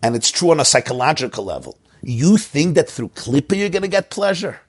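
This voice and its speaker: A man teaching a Torah class with a husky voice, swinging his pitch widely between low storytelling and high, emphatic points. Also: big pitch swings, a little fast.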